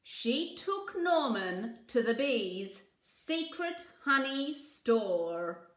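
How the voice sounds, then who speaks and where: A woman reads a children's picture book aloud at a very slow, gentle pace. Her voice sits a little high and swings through a wide, lively range. Her reading rings in an echoey room. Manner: slow, gentle, adds asides about the pictures. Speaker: children's story reader.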